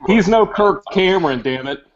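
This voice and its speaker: A man in a casual podcast chat who jokes with mock-earnest, deadpan praise. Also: high voice, moderate pace, a crowd in the background. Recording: lo-fi audio with faint noise.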